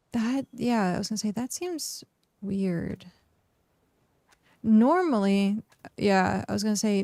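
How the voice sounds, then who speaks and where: Chatty streamer woman with gravelly fry. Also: mid-range voice, mellow, no room sound. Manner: chatty, reads chat questions aloud, frequent fillers. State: hiccuping. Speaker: game streamer. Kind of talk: casual live-stream chat.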